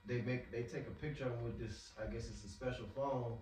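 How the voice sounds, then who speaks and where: A man's voice: medium pitch, steady tone, a little fast, darkish tone, a little hiss or hum. A man preaching in a casual, slangy way, often repeating words as he talks. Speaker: street preacher. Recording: echoey, from far off.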